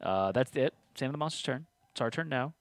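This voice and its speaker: Animated and fairly quick, this medium-pitched male game host reads rules out loud and pokes fun at his co-player during casual tabletop play. There's no echo on the audio.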